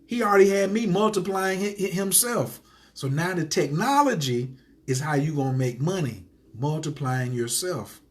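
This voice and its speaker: A somewhat high-voiced man hosts a motivational livestream for business owners, spinning an animated story. He acts out the voices of the people he quotes and breaks off to greet viewers by name. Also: moderate pace. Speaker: entrepreneur hosting a livestream.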